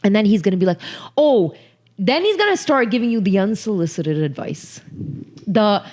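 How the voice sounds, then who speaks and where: A woman's voice: medium pitch, very animated, moderate pace, darkish tone. A woman co-hosting a podcast in casual chat, acting out everyday scenes and slipping in phrases. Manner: acts out scenarios, mixes in Hindi-Urdu phrases. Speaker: podcast co-host.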